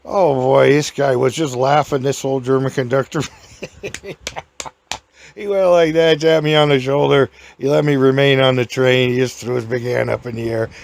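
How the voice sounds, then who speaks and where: A man's voice: mid-range voice, steady tone, moderate pace, gravelly. A man hosting a storytelling podcast, telling a rambling folksy anecdote and chuckling often.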